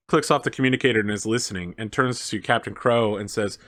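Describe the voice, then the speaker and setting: A man running a tabletop game as game master, narrating the scene in a relaxed way with fillers and quick asides. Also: fairly low pitch.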